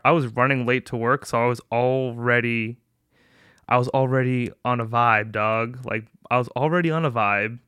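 A young man hosts a podcast in a loose, comedic rant, cursing freely and slipping into mocking voices. He sits at a mid pitch, recorded close and dry. Faint music plays underneath. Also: smooth, dry recording. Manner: profane, animated rants with mocking put-on voices. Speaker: podcast host. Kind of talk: casual comedic monologue.

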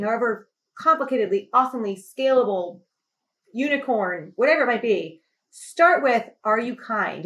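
A woman's voice: on the high side, fairly bright tone, poor audio. A woman who is a healthcare executive guest, telling a story in conversation with emphatic, impassioned intensity.

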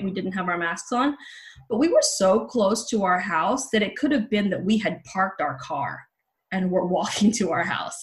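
A woman in her thirties, a journalist guest on a podcast, recounting a personal story candidly with frequent casual fillers over a remote call. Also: mid-range voice. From Los Angeles.

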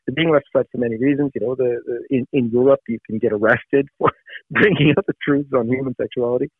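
A man's voice: mid-range voice, steady tone, quick pace, breathy edge, no room sound. A man from Canada, a guest who founded a news site, talking earnestly in a casual interview with many restarts. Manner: earnest, with frequent restarts and fillers. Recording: tinny phone-like line.

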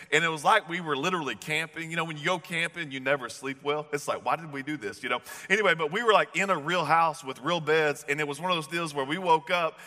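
A man delivers a sermon in a relaxed, storytelling manner. His voice sits a little high and sounds bright and forceful. The sound carries the long reverb of a large church hall. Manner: casual, storytelling, chatty with slang. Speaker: pastor.

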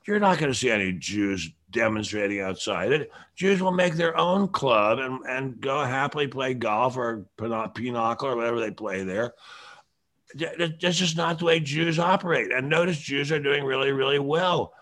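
An older man hosting a podcast, holding forth in an opinionated, lecturing monologue, with a bronchial throat he keeps clearing. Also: medium pitch, lively intonation, normal speed, a bit bright. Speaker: show host. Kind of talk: casual opinion podcast talk.

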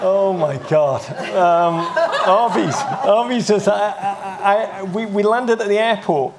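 An English man in his fifties, a broadcaster telling lively, self-mocking stories as a guest in a live interview. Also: high-pitched, takes it slowly, a crowd in the background. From England. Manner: animated, self-mocking anecdotes with frequent restarts. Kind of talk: live on-stage interview storytelling.

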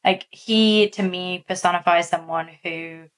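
A woman co-hosting a podcast from Massachusetts, telling stories in a casual, animated way with many fillers. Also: lowish voice, unhurried. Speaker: podcast co-host. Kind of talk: casual chat.

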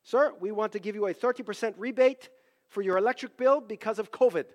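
A man's voice: high-pitched, fairly quick, a little mellow, voice pushed up, natural voice. A man voicing a polite, deferential male phone caller from a utility company, with a put-on foreign accent. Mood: courteous. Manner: formal, deferential, calls everyone sir. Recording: long hall reverb.

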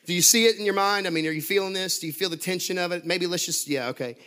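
Animated, laughing male preacher. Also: sits high, quick pace. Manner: animated, laughing often, many restarts and fillers. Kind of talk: sermon with storytelling.

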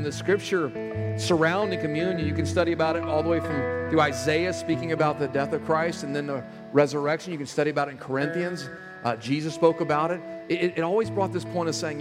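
Pastor preaching in a reverberant church. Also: male voice, on the high side. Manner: conversational preaching, swings from loud to hushed. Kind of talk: sermon. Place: church sanctuary. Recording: long hall reverb with music behind.

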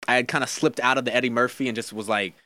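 A young man chatting casually as a guest, animated, with lots of filler words and quoted voices. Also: medium pitch, racing, dry recording. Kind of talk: casual podcast chat.

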